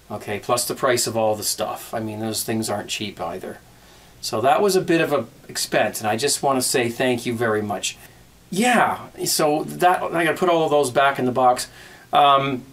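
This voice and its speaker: A man hosting a casual homebrewing vlog, talking in a halting way with many restarts and plenty of thanks. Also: medium pitch. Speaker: homebrewing vlogger.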